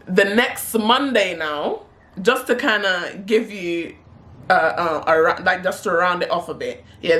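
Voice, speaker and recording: A woman, telling a story for her vlog in a lively, slangy way. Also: medium pitch. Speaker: vlogger.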